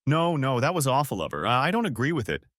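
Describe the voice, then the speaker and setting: A man voicing a calm older male friend who smokes a pipe, speaking in a deep, measured, non-judgmental way in an audiobook story. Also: no echo, clean studio sound. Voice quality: deep bass. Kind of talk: audiobook character reading.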